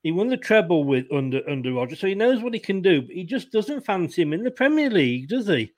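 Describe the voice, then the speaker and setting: A man's voice: high voice, big pitch swings, quick pace. A man hosting a casual football fan show, chatting and reading out viewer comments with stumbling restarts and easy laughter. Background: home setting.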